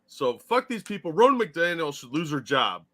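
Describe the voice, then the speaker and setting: A man's voice: fairly high pitch, big pitch swings, moderate pace, pushed and bright. A man co-hosting a casual political talk stream, blunt and profane as he rants.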